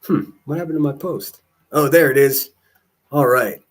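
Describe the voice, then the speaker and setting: Pittsburgh-male livestreamer, mid-pitched, loose and profane, rambling chat with jokey asides. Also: normal speed.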